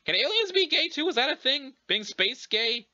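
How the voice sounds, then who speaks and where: A brash, teasing teenage girl played by a man reading a webcomic aloud who talks in loose slang and keeps prodding for answers. Her voice sits high and swings widely in pitch with a bright, forceful edge, through a dull, lo-fi recording. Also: big pitch swings, moderate pace, no room sound, exaggerated voice. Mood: teasing, pushy.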